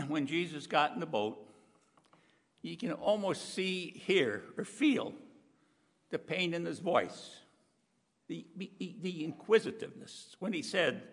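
A man preaching a sermon in a folksy, conversational way, often clearing his throat. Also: high-pitched, pushed and bright, in a large hall.

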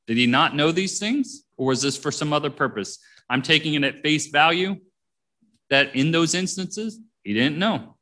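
A man's voice: a little high, expressive, moderate pace, pushed and bright. Man preaching through scripture verses. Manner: reads verses aloud and comments between them, plain and conversational. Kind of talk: sermon with scripture reading.

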